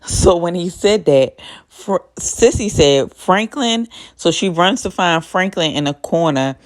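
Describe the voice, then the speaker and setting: A woman in a casual, animated TV episode recap, chatting and laughing often. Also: on the low side, measured pace.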